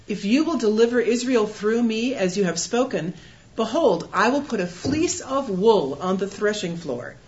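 A woman reads scripture aloud to a group at an even, steady pace. Her voice is mid-pitched. The recording is muffled and lo-fi. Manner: steady reading, clears throat. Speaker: scripture reader. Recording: dull lo-fi recording.

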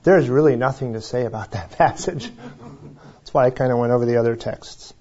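Mellow-voiced man leading Bible study. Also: medium pitch, brisk. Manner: conversational, self-correcting, chuckles. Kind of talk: informal Bible teaching. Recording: dull lo-fi recording.

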